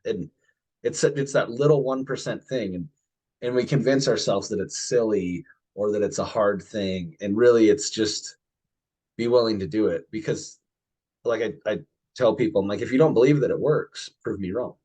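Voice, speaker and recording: Male podcast host, lowish husky voice, encouraging and a bit halting. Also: a little mellow. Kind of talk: casual chat.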